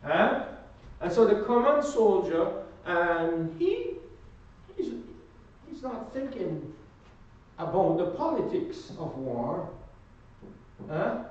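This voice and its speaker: A man teaching a Sunday Bible class, speaking slowly and with emphasis and prompting his listeners to finish his sentences. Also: high-pitched, big pitch swings, a little mellow. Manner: slow, emphatic delivery. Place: church classroom. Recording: echoey room from far off, dull.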